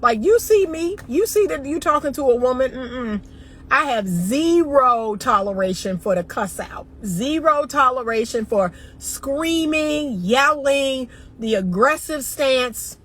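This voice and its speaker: Emphatic woman dating coach, chatty. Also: a little high. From Northern US. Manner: emphatic, talks straight to viewers as y'all. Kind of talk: casual livestream chat.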